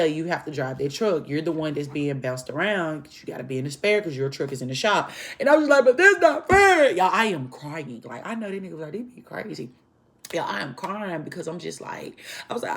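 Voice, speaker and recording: Young woman trucker ranting storytime to y'all, acts out every line, lowish voice. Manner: animated, profane, acts out dialogue, addresses "y'all". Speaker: truck driver, vlogger. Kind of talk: casual storytime monologue to viewers.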